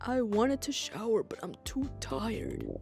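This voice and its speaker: A drowsy, exhausted young man mumbles his lines at a dragging pace, as a woman puts him on, his voice sitting lower than her usual tone. He sounds hungry and half-asleep. Soft game music plays faintly behind him. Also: huge pitch swings, measured pace, creaky, heavily acted. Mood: worn out. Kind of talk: game dialogue read aloud.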